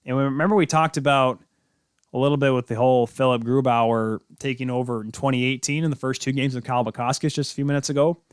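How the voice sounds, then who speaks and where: A man's voice: mid-range voice, fairly even intonation, fast talker, smooth, dry recording, clean studio sound. Rambling male sports podcast host. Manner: rambling, self-correcting, jokey. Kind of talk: casual sports talk.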